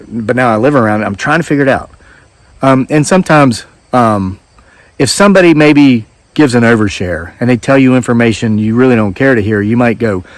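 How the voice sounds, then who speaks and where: A man's voice: medium pitch, no room sound. A man vlogging outdoors in the woods, telling a rambling, wry story with lots of asides. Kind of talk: casual storytelling monologue.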